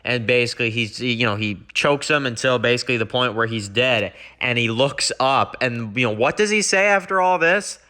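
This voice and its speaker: Bright-voiced man rambling through a recap. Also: medium pitch, moderate pace, few pauses. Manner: rambling, many fillers like basically and you know. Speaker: YouTube TV show reviewer. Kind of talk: casual episode rewrite recap.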